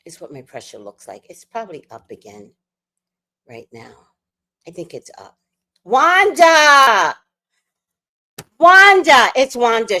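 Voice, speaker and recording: A woman hosting a casual late-night livestream, talking profanely, laughing often and reading viewer comments aloud. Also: lowish voice. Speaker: livestream host.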